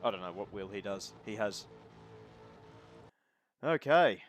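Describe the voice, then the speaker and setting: Hosting a live sim racing stream, a man with a lowish, expressive voice offers casual commentary at an unhurried pace. He's chatty and jokes with the viewers, with a little hiss or hum on the audio.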